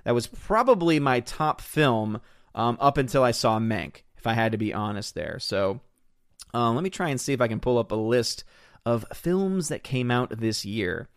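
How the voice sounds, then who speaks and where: A man in his thirties chats on a live stream, upbeat and loose, reading out viewers' comments with playful little voices. His voice sits at an ordinary middle pitch. It is recorded close and dry, with no room sound around it. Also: expressive, normal speed, no room sound. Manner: chatty, upbeat, reads chat aloud with playful voices. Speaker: livestream host.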